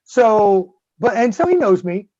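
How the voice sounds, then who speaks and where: A man tells a story loosely and profanely. He gets louder and livelier at the big moments. The recording is dull and dry. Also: high voice, big pitch swings, a little slow, dry recording. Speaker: guest host. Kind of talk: casual storytelling.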